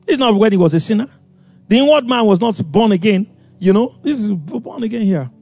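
A man preaching a sermon, animated and acting out voices, with sudden loud outbursts. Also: high-pitched, brisk, no echo, soft background music. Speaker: pastor.

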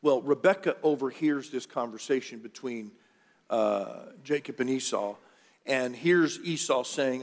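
A man's voice: mid-range voice, measured pace. A middle-aged male pastor telling a story as a sermon, casual and jokey, with asides to his congregation. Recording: long church hall reverb.

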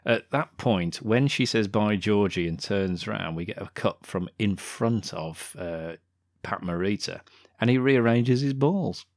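Man, podcast co-host, sweary sarcastic recap, low voice, dry close sound. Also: unhurried, no room sound. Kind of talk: casual film-recap chat.

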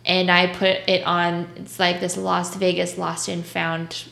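This mobile dog groomer speaks with a fairly low, creaky, slightly bright voice, completely flat and unhurried. She tells stories bluntly and casually, swearing freely and doing impressions of other people. The recording has a roomy echo.

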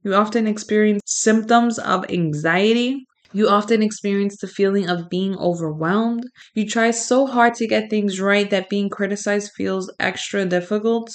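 A woman's voice: mid-range voice, moderate pace, few pauses. A young woman hosting a podcast alone, chatting candidly and laughing often between her remarks. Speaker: podcast host. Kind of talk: casual solo podcast monologue.

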